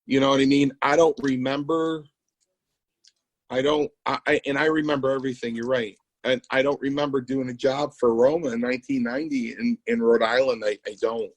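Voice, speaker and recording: A man's voice: mid-range voice, fairly even intonation, a little fast, no room sound, low-quality recording. A man co-hosting a podcast, a former wrestler telling rambling stories with restarts and quoted dialogue. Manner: rambling anecdotes with restarts, quoting others. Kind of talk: casual storytelling.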